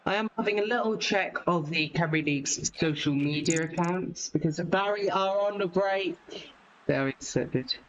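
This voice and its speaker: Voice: mid-range voice, normal speed, a bit bright, highs cut off. A host of a live football stream who talks in a chatty, rambling way and teases the co-hosts. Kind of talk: casual live-stream commentary. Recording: noisy home stream with clicks.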